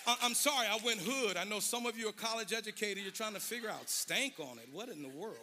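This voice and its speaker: A man preaching a sermon as pastor of a church, moving between sung, shouted climaxes and relaxed, playful talk with his congregation. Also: high-pitched, quick pace. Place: church sanctuary.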